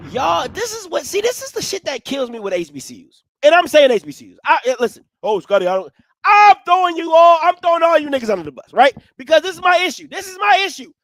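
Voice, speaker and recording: A man hosting a live sports talk stream, swinging from low musing to loud, animated ranting. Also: fast, no room sound. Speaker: sports commentary host.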